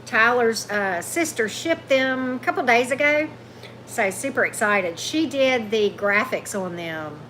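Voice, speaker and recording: A chatty woman hosts a casual tarot livestream from a table at home. Her voice is getting hoarse from long talking, and she reads out viewers' comments and thanks them. Faint room noise sits behind her. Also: expressive, a little slow, fairly bright tone. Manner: chatty, reads out comments, calls her dog in a high coaxing voice. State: going hoarse. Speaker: tarot reader hosting a livestream. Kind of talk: casual live chat with viewers.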